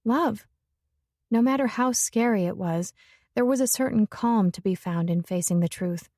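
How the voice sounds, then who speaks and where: A woman narrating a first-person romance audiobook in a measured, introspective way. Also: medium pitch, warm tone, no echo, clean studio sound.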